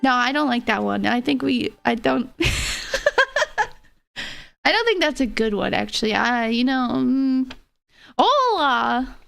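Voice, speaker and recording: A woman streamer chatting playfully with her viewers, giggly and teasing. Her voice is high and her delivery is unhurried, with faint music playing behind her. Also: vocal fry. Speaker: livestreamer. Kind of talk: casual chat with viewers.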